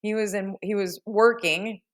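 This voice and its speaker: A woman's voice: medium pitch, fairly even intonation, a little slow. A woman vlogger telling a rambling, self-mocking story in a casual voice-over.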